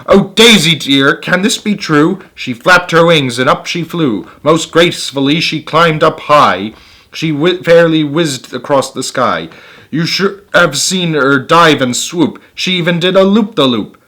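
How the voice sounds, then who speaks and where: A man reading a children's rhyming story aloud in a lively, expressive way. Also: fairly high pitch, measured pace.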